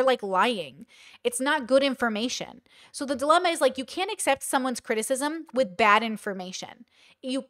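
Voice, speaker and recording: A woman's voice: fairly high pitch, fairly bright tone, no room sound, studio quality. A woman hosting a casual commentary, talking bluntly and emphatically, swearing freely and acting out other people's quoted lines. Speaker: commentary host.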